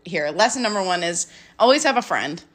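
A woman's voice: on the low side, lively intonation, a little fast, fairly bright tone. A young woman from the American Midwest co-hosting a casual chat, telling stories with lots of giggles and acted-out quotes. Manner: giggly storytelling, acts out quotes. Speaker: podcast co-host.

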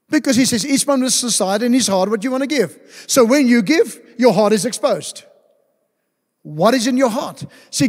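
A man preaching a sermon as pastor, emphatic, asking rhetorical questions and repeating key words. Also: extremely high pitch. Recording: long church-hall reverb.

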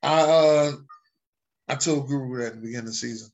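A man hosting a podcast in casual chat, speaking haltingly with frequent restarts. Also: mid-range voice, a little mellow, highs cut off. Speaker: host.

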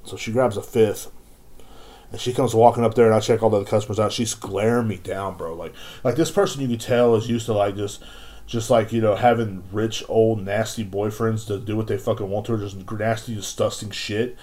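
Dude with a lowish voice ranting and cussing nonstop, rambly casual story. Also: male voice, fairly even intonation, fairly quick, warm tone. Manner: profane, rambling. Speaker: podcast host, liquor store clerk. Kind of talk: casual rant.

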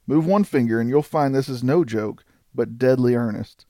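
A man voicing a stern, cool-headed male frontier scout in an audiobook, speaking in a measured way. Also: mid-range voice, warm tone, no room sound, studio quality, close to an everyday voice.

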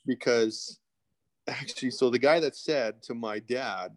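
A man's voice: mid-range voice, a little slow. Candid rambling man. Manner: candid, rambling with many restarts and asides. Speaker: podcast guest. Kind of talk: casual interview storytelling.

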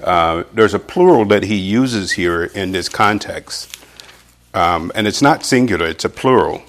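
This preacher is lively, chuckling frequently and leaping in pitch to stress his points. His scripture readings stand apart, delivered in a measured, old-fashioned rhythm.

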